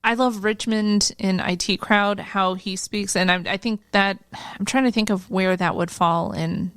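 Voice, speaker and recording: A woman's voice: mid-range voice, fairly even intonation, a little slow, fairly bright tone, clear, resonant tone, no echo, clean studio sound. Curious, hesitant woman podcast co-host. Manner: curious, hesitant, many fillers, laughs easily. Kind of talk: casual chat.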